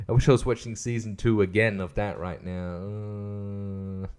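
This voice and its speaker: A man's voice: on the low side, fairly even intonation, a little slow, a little mellow, clean tone. A man hosting a podcast, ranting in a casual, sarcastic way with lots of swearing and laughs at his own jokes. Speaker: podcast host and comedian.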